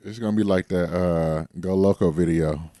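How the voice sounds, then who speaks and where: A man's voice: low-pitched, fairly even intonation, moderate pace, dark tone, no echo. A man co-hosting a podcast in casual chat, laid-back with dry quips. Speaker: podcast co-host.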